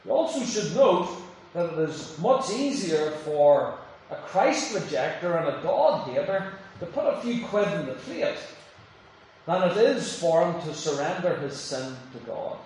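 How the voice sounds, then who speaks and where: A man preaching a sermon, dramatic, acting out the voices he quotes and dropping from loud to hushed. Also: on the high side, very animated, a little slow. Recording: very echoey, from far off the mic, faint noise.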